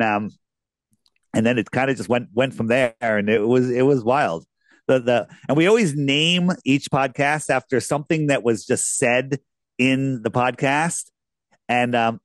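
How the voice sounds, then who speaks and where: A man's voice: mid-range voice, no echo, studio quality. A man being interviewed as a guest, telling casual, rambling anecdotes with lots of restarts.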